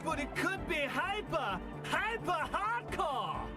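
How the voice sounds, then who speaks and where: A voice actor playing an excitable, shouty young male raver DJ in a video game. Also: high-pitched, takes it slowly, over music, full character voice. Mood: hyped.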